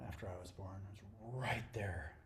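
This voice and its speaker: A middle-aged man, a Zen teacher, giving a dharma talk at a retreat in an intimate, playful way, dropping to near-whispers and then rising into excited exclamations. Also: fairly low pitch, moderate pace, gravelly, slight background noise.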